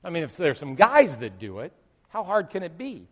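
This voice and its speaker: Pastor, male, high voice. Animated sermon with acted-out groans, long hall reverb. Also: normal speed, slightly rough.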